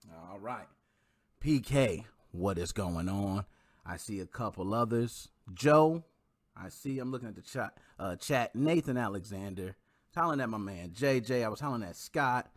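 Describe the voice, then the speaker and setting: A man hosting a casual livestream, animated and talking straight to his viewers while he greets the chat. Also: lowish voice, normal speed. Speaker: livestream host.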